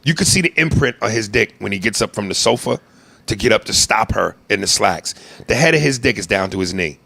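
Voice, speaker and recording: His voice sits on the lower side, husky and creaky, pushed and bright, and he speaks fairly quickly with plenty of animation. The podcast host trades crude jokes in casual banter, occasionally acting out a bossy film director.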